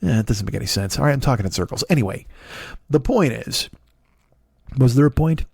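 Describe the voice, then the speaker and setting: Fast profane rambling comedian, man. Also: mid-range voice, gravelly, husky, no room sound, studio quality. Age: 40s. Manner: profane, animated, rambling with restarts. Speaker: comedian podcast host. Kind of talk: rambling comic monologue.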